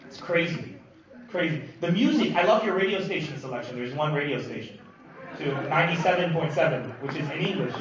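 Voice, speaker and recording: A man from Lebanon performs live stand-up, loud and animated as he works the crowd, his voice sitting fairly high. He is heard from far off in a booming, echoey hall. The sound is dull and lo-fi, with a loud crowd laughing behind him. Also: fairly quick. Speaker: stand-up comedian. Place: large comedy venue with live audience.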